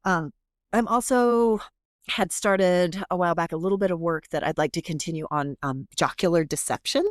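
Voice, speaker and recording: A middle-aged woman professor, chatty and animated, often interrupting herself as she talks in a podcast interview. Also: lowish voice, normal speed, no room sound, clean studio sound. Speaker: guest professor.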